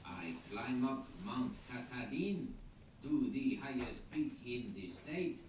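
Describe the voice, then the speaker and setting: An actor playing a boastful French-Canadian moose-calling champion who speaks in broken English, on an old comedy record. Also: male voice, mid-range voice, expressive, slow, darkish tone. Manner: bragging storyteller with broken English. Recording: echoey old record, hiss, distant.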